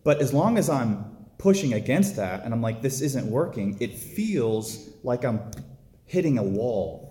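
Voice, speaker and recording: A man's voice: medium pitch, big pitch swings, a little slow, warm tone, roomy sound. A man giving a casual, conversational sermon, telling a story with lots of filler words. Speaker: preacher.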